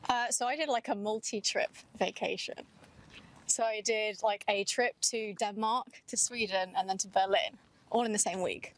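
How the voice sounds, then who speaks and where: A woman's voice: mid-range voice, fairly even intonation, normal speed, low-quality recording. A young woman co-hosting a casual chat while walking outdoors on a campus, upbeat and talkative, often laughing and saying "like". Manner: chatty, upbeat, laughs often, says "like" a lot. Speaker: podcast co-host.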